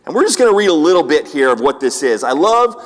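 A middle-aged man preaching a sermon to his congregation, telling a story and acting out the voices in it, with restarts and pauses. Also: a little high, big pitch swings, big-room sound. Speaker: pastor.

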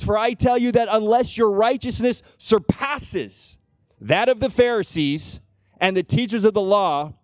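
A middle-aged man preaching a sermon, conversational, often checking in with the congregation with "right?" and dropping to a hush for personal stories. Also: no echo, clean studio sound. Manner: drops to a hushed low voice when telling personal moments. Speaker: pastor.

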